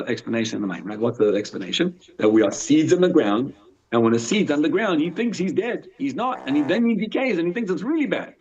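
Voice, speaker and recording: A man, a rabbi, teaching a live Torah class in an animated way, asking and answering his own questions and reading Hebrew text aloud. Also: on the high side, vocal fry, slightly rough. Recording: dull lo-fi sound.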